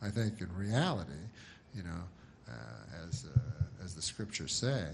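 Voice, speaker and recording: A man doing rambling stand-up comedy in a deadpan, meandering way. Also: low voice, creaky, a little hiss or hum. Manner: deadpan, meandering, slow-burn.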